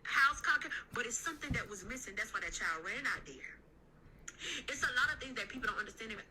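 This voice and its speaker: A woman's voice: medium pitch, expressive, fast, pushed and bright, a little hiss or hum, poor audio. A woman hosting a live stream, giving a preachy, emphatic motivational talk full of repeated phrases.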